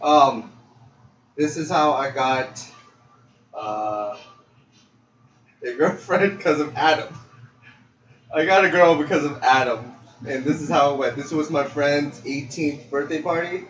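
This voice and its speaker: A man co-hosting a podcast, chatting excitably and cracking jokes. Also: on the high side, takes it slowly, long pauses. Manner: excitable, jokey interjections. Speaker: podcast co-host. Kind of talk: casual chat. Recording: roomy, distant, lo-fi audio with faint hiss.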